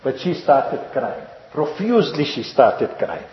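A man's voice: medium pitch, big pitch swings, unhurried. A man preaching a sermon, telling stories and asking the congregation rhetorical questions, repeating his points. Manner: rhetorical questions and repetition, storytelling. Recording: echoey lo-fi hall recording.

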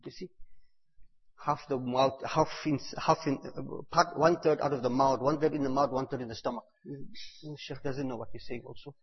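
A man giving a devotional talk, telling stories and repeating phrases for emphasis, at times bursting out loud on key words. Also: medium pitch, steady tone, moderate pace, breathy edge. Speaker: religious teacher. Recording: echoey hall, dull lo-fi sound.

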